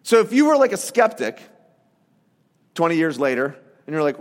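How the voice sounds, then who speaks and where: A man preaching a sermon as a pastor, animated and conversational, acting out quoted voices. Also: high-pitched, a little fast, pauses often. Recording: reverberant hall.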